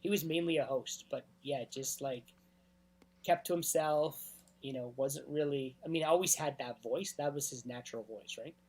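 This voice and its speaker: Husky man telling DJ stories. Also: medium pitch, normal speed, darkish tone. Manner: anecdotal storytelling, frequent throat clearing. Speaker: DJ guest. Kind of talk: casual interview chat.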